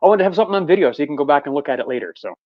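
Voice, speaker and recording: A man's voice: a little high, lively intonation, racing, dry recording, muffled recording. A man from Canada chatting casually as a guest on a live beer stream, hesitant and apologetic with many restarts. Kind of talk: casual chat.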